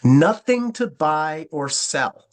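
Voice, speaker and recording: A man coaching a sales team, talking fast and acting out both sides of phone calls as he goes. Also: fairly high pitch, lively intonation. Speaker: network marketing trainer. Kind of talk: coaching talk with sample scripts.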